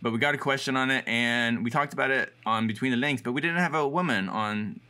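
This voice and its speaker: A man's voice: mid-range voice, brisk, sharp tone, smooth. A man co-hosting a podcast, telling stories in a rambling way full of fillers. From Los Angeles. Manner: rambling, filler-heavy storytelling. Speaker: podcast co-host. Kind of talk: casual chat.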